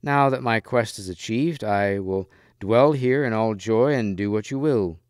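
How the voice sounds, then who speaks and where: A man's voice: lowish voice, measured pace, darkish tone, dry recording, studio quality, natural voice. A man voicing a courteous young knight. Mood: earnest courtesy. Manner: earnest, formal old-fashioned speech.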